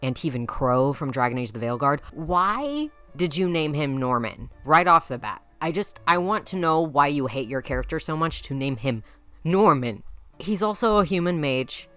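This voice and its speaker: A woman's voice: deep voice, very animated, moderate pace, fairly bright tone, soft background music. A young woman with a Midwestern accent doing playful, teasing roast commentary as a YouTuber, laughing often. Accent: Midwestern American.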